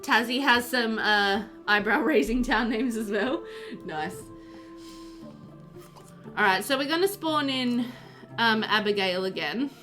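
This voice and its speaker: An Australian woman chats while streaming a game from home, rambling with plenty of fillers. Her voice is bright and sits a little high. Faint music plays underneath. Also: lively intonation, a little slow, pauses often. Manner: rambling, chatty, many fillers like "like" and "um". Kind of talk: casual chat while live-streaming a game.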